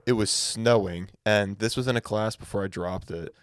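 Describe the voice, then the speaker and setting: A young man with a nasal, slightly low voice, rambling through casual podcast chat with plenty of swearing and false starts. The sound is dry and close, with no room echo. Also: moderate pace, smooth. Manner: rambling, profane, hesitant restarts. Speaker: podcast co-host.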